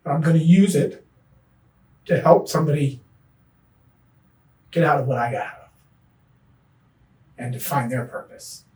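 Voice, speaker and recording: A middle-aged man, a podcast guest, telling his recovery story in an earnest, animated way. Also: a little high, a little slow, long pauses, distant mic. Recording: echoey room, voice off-mic.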